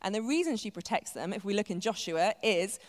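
A woman's voice: medium pitch, expressive, a little fast. A woman giving a conversational sermon with light self-deprecating humor, checking in with her listeners. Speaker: preacher. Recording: echoey hall.

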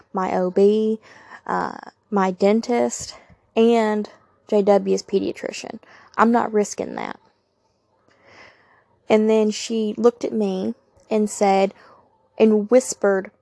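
A woman's voice: mid-range voice, creaky, a little mellow, dry recording, clean studio sound. A young woman, candidly telling a personal story on her podcast with emphatic asides to listeners. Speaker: podcast host.

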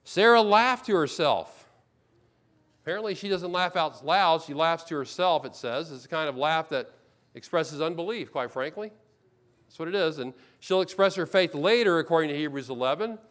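A man's voice: on the high side, animated, moderate pace, a bit bright. A male pastor preaching a sermon in a church, conversational and full of questions, often restarting sentences.

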